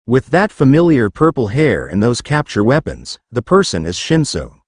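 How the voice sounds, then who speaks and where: A man's voice: mid-range voice, wildly swooping pitch, normal speed, a little mellow, husky, no room sound, clean studio sound. A man reading a fan fiction story aloud in the first person, casual and sometimes profane. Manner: reads aloud, including punctuation, with casual cursing.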